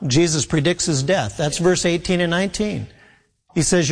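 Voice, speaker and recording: A man's voice: on the high side, normal speed, gravelly. A man preaching a sermon with earnest emphasis, acting out scripture dialogue in his own voice. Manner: earnest preaching, voicing Jesus in quotes. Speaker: pastor. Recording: long hall reverb.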